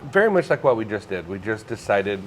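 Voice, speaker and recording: Earnest man telling stories, somewhat low-pitched. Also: sing-song, a little fast, a little hiss or hum. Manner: storytelling, earnest, gets emotional. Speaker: psychic medium guest. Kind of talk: relaxed podcast conversation.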